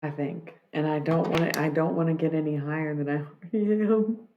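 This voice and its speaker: A woman's voice: low voice, fairly even intonation, brisk, lo-fi sound, noisy background. A woman livestreamer chatting casually with her viewers, rambling and laid-back, with lots of fillers and restarts.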